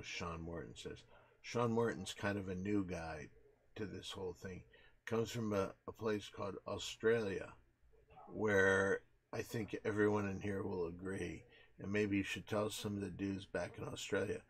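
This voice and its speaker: A man hosting a casual show, joking crudely and breaking into mock play-by-play with loud excited calls. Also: deep voice, unhurried, gravelly. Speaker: podcast host.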